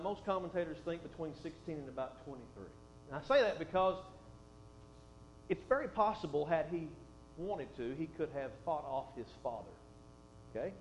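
High-voiced folksy preacher in a roomy hall. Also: male voice. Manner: folksy, conversational asides, drops soft then swells for emphasis. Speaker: pastor. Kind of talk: sermon with scripture reading. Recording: roomy, dull sound with faint hum.

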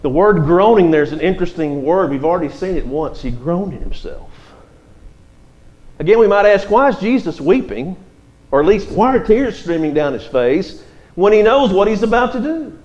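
A man's voice: high voice, very animated, moderate pace, darkish tone, muffled recording. A man preaching an expository sermon, reading scripture verses aloud and explaining them.

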